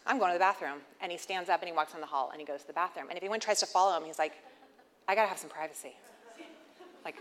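A woman's voice: on the low side, a bit bright. Woman in her thirties, candid self-deprecating storyteller on stage, long hall reverb, faint background noise. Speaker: speaker addressing an audience. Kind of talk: humorous inspirational talk.

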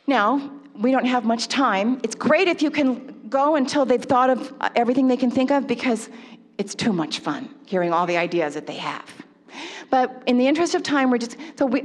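A woman giving an animated lecture to a live audience and asking them questions. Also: fairly high pitch, moderate pace, big-room sound. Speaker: parenting workshop speaker.

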